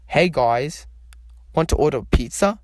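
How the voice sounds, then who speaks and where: A man's voice: a little high, lively intonation, measured pace, darkish tone, dry recording, clean studio sound. A man voicing a hungry, whiny young male bandmate who talks eagerly.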